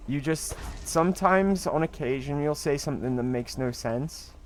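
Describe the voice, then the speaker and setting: This is casual live-stream chatter from a middle-aged man playing a game, his voice a little high and his pace moderate. He jokes around, teases his audience, and swears now and then over a faint hiss or hum.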